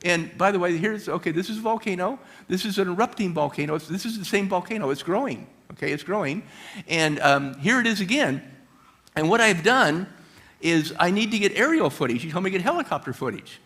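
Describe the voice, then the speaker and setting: A middle-aged man giving a motivational talk at a church, telling stories with high energy. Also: animated, a little fast, fairly bright tone. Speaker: guest speaker.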